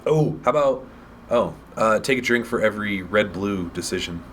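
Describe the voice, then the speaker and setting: Guy playing a game and chatting, lowish voice, blunt, swears a ton, faint hiss behind. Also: moderate pace, a bit bright. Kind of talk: casual gaming chat.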